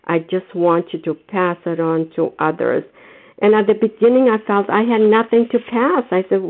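A woman's voice: mid-range voice, steady tone, normal speed. A woman calling in to a recovery meeting, sharing earnestly and gratefully, slipping into livelier voices when she quotes others. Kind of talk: phone-in recovery meeting share. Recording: tinny phone line.

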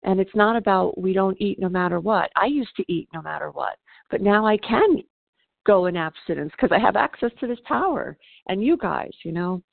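Gravelly woman on a phone line. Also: medium pitch, animated, normal speed, no echo. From South Carolina, US. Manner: heartfelt, grateful. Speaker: meeting member sharing. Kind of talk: recovery meeting share.

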